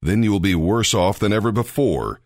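A man's voice: fairly low pitch, animated, normal speed, a little mellow, no room sound, clean studio sound. A man reading a stern, blunt army commander. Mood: scolding.

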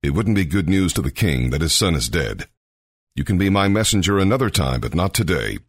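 A man's voice: low voice, very animated, fairly quick, breathy edge, dry recording, clean studio sound, heavily acted. A man voicing a stern male army commander who speaks firmly and scolds.

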